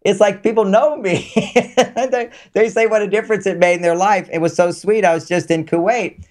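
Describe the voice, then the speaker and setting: A man's voice: high-pitched, steady tone, moderate pace, a little mellow. A man with a somewhat raised voice chats in an interview, spinning anecdotes to explain relationship ideas. His delivery is loose and conversational, circling back to drive each point home. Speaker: relationship author and guest. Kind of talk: casual interview talk.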